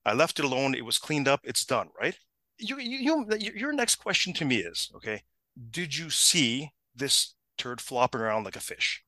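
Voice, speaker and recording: A middle-aged man casually telling a long funny story, animated and laughing, acting out the people in it. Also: medium pitch, normal speed, no echo. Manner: animated, laughing, acts out the people in his stories.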